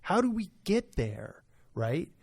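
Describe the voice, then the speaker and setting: Male pastor, podcast co-host, higher register, emphatic and earnest, chatty tag questions. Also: big pitch swings, slow, gravelly, a little mellow, breathy edge. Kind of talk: podcast discussion.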